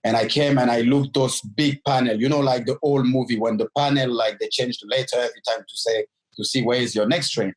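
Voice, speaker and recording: A Frenchman speaking English as a non-native, with a French accent, tells animated stories from his life as a guest on a storytelling podcast interview. His English is loose and imperfect, his pitch middling for a man, and he talks briskly on a rough recording.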